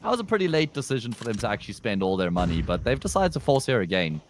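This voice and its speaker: A man casting a live esports match, analytical and jokey, with sudden upward jumps in pitch when the play gets exciting. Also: very fast. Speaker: esports commentator. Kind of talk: live game commentary. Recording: faint background noise.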